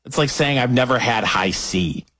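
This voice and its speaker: A man's voice: mid-range voice, a little slow, slightly rough. A man co-hosting a podcast, delivering exaggerated comedic rants in casual chat. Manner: animated, exaggerated ranting. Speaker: podcast co-host.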